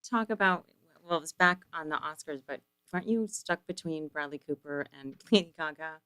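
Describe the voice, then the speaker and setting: A woman guest in casual podcast chat, chatty and quick to laugh. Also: sits low, sharp tone, clean tone, no room sound.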